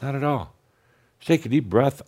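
A man giving a channeled spiritual talk to an audience, blunt and teasing, slowing down to guide deep breaths. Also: expressive, a little mellow. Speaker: spiritual teacher channeling a master.

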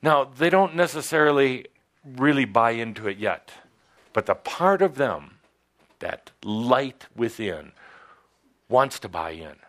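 A man teaching a spiritual workshop to a studio audience, talking in halting phrases with frequent pauses. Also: medium pitch, big pitch swings, fairly bright tone. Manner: halting, hesitant with many pauses and fillers.

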